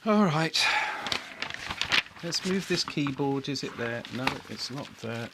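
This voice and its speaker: A man's voice: mid-range voice, animated, slow, very noisy. Man muttering to himself at a workbench. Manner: muttering to himself while searching and checking parts; wry, self-deprecating. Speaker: electronics hobbyist host. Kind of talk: live build stream, thinking aloud. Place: electronics workbench.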